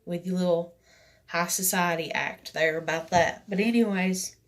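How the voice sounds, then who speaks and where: A woman's voice: lowish voice, fairly even intonation, normal speed. Rambling woman telling her story. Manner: rambling, full of "you know" and "like", acts out others' lines. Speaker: vlogger. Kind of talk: casual personal storytelling.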